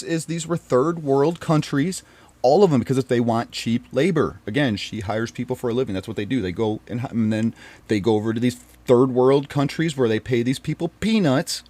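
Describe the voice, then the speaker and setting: Man, fairly high-pitched, dry close sound, telling a painful personal story with earnest, rambling restarts. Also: no echo. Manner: rambling, with restarts and repeated phrases; earnest and pained, often dropping quiet. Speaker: storyteller recounting his marriage.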